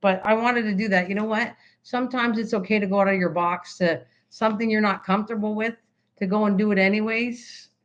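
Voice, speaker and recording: A woman's voice: mid-range voice, fairly even intonation, a little fast, lo-fi sound. Chatty older woman crafting. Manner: chatty, rambling, stops mid-sentence and restarts. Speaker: host of a crafting livestream. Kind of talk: casual craft demonstration chatting with viewers.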